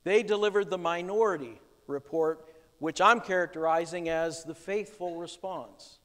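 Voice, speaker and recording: A man's voice: high-pitched, normal speed, a bit bright. Pastor guy preaching, emphatic, explains stuff, long echo tail from the church. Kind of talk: sermon. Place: church sanctuary.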